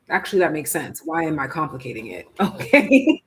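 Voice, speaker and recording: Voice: medium pitch, sing-song, quick pace, rough recording. Chatty, slangy tarot reader on a live stream. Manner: chatty and slangy, thinking aloud, swinging between hushed and loud.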